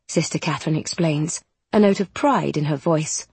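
A woman narrating a story in a measured, descriptive reading. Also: low-pitched, darkish tone, husky, no echo. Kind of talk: scripted narration.

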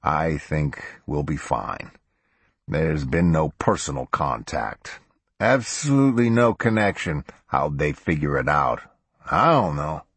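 A man plays a cold, curt art thief in an audiobook, snapping short lines in a very deep voice. The tone is husky, and the recording is dry and close. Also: animated, measured pace, no echo, exaggerated voice. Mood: measured. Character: cold, scheming male art curator-thief.

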